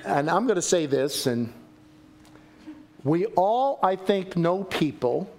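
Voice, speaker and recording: Male pastor, lively jokey sermon, high voice with big swings. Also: slow pace. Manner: animated, jokey, acts out quotes with big pitch swings. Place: church sanctuary.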